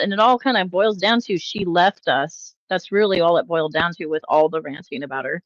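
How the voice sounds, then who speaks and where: A woman's voice: on the low side, normal speed, no room sound, highs cut off. A woman hosting casual reaction commentary, rambling and exasperated, with frequent um and uh fillers. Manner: exasperated, critical. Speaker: commentary channel host.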